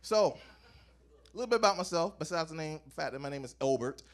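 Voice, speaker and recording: High-voiced animated male stand-up comic. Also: fast talker. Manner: animated, acts out voices, swings pitch. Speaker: stand-up comedian. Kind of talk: stand-up comedy set. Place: comedy club stage.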